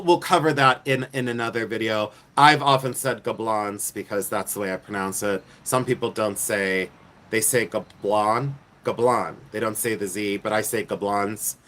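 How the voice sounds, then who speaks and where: A man's voice: on the low side, fairly bright tone. A middle-aged American man hosting a casual live stream, chatting and joking with viewers in a self-deprecating way. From United States. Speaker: livestream host, jewelry reseller. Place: outdoors at night.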